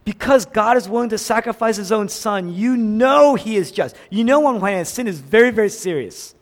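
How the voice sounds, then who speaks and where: A man preaching a sermon, swinging from loud cries down to hushed, near-whispered lines. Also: high-pitched, animated, normal speed. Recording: long hall reverb.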